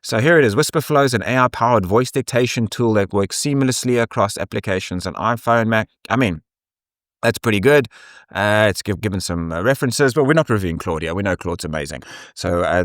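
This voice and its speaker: A man with an English South African accent, giving a casual, thinking-aloud software review full of ums and restarts. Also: on the low side, a little fast, no echo, studio quality. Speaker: tech reviewer.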